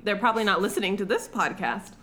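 A woman's voice: mid-range voice, fast, a bit bright. A young adult woman co-hosting a casual podcast, giggly and goofy, swearing freely. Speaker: podcast co-host.

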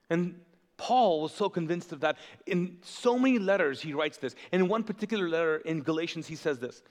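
A high-pitched man preaches a fervent sermon to his congregation. He stops again and again to have them call out the next word. His voice rings through a reverberant church hall. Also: animated, fairly quick. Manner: impassioned, asks the congregation to fill in words. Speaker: pastor. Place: church sanctuary.

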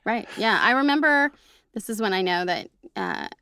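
A relaxed woman co-hosts a podcast, agreeable and chatty. Her pitch moves freely. She sounds close and dry on the mic. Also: moderate pace, clean tone, dry recording. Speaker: podcast co-host. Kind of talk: casual chat.

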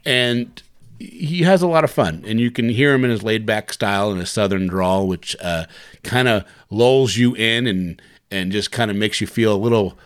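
Giggly male podcast host. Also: lowish voice. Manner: giggly, teasing banter. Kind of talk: casual podcast chat.

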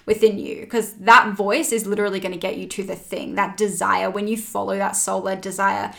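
A woman chatting casually as a host, telling her story in a candid, emphatic way and swearing freely. Her pitch sits in an ordinary middle range for a woman. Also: flat delivery, fairly quick, gravelly, fairly bright tone. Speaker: podcast host. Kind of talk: casual chat.

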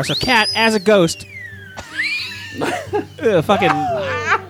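Lively, profane comic storyteller, man. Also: high voice, slow pace, over music. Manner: profane, laughing, rambling.

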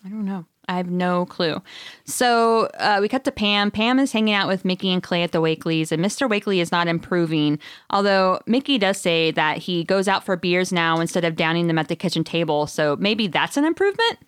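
A woman hosting a casual chat, recapping a story in an animated, giggly way. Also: fairly low pitch, fairly quick, smooth, no room sound. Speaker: podcast host recapping a book.

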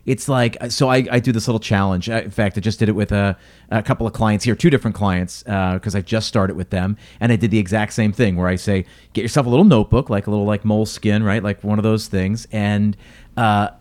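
A man who works as a restaurant consultant, giving advice in an energetic, coaching way in casual conversation. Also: on the low side, fairly quick. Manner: energetic, coaching tone, quotes others.

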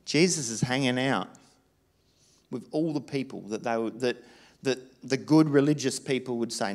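Guy preaching a sermon, earnest and punchy, ordinary pitch, keeps pushing the point. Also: normal speed. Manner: earnest, emphatic preaching with exhortations. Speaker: pastor.

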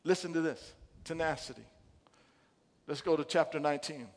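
A man preaching a sermon with fervour, stumbling over repeated words and rising from quiet asides to shouted emphasis. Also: a little high, moderate pace. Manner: stammering restarts and repeated words. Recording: long echo of a large hall.

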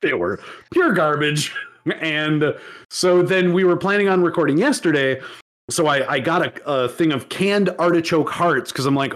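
A man chatting on a casual podcast, his voice sitting a little high. He rambles, restarts and laughs at himself as he talks. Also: normal speed, a bit bright. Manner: rambling, laughs often, self-deprecating. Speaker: podcast co-host. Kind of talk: casual chat.

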